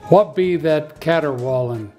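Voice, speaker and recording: A man voicing a blustery male pirate captain in a children's storybook reading, with gruff pirate talk and faint music behind. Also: fairly high pitch, a little slow, warm tone, natural voice. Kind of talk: storybook read-aloud.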